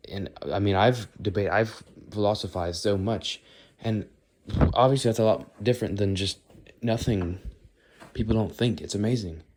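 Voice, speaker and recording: A man's voice: on the low side, normal speed, darkish tone, slight background noise. A teenage boy in a casual walk-and-talk vlog, rambling and thinking aloud as he walks, often breaking off mid-thought. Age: teens. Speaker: vlogger. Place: walking, talking on the move.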